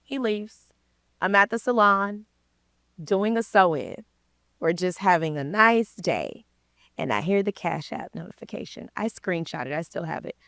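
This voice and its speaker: The interview guest is a woman who coaches people on credit repair, and her lowish, gravelly voice keeps a measured pace. She tells her story in a lively way, full of casual slang, acting out everyone she quotes. There's no room sound in this dry recording.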